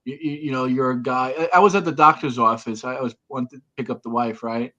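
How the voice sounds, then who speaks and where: A man chatting casually as a guest, his voice bright and forceful as he rambles and trips over restarts. The audio is dull and lo-fi. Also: medium pitch, steady tone, quick pace. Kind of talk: casual chat.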